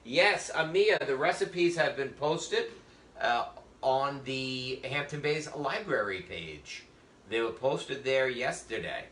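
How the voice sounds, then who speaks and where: A man's voice: mid-range voice, lively intonation, takes it slowly, a bit bright, a little hiss or hum. A man teaching a live online cooking class over a video call, explaining each step in a chatty, joking way with plenty of fillers. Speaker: cooking instructor. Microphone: webcam on a video call. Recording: echoey room.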